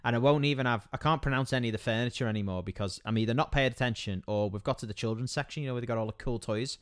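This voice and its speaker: A man's voice: medium pitch, very fast, smooth. A man in his thirties co-hosting a podcast, swearing freely and laughing a lot through casual banter. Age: 30s. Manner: profane, joking, laughs often. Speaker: podcast co-host.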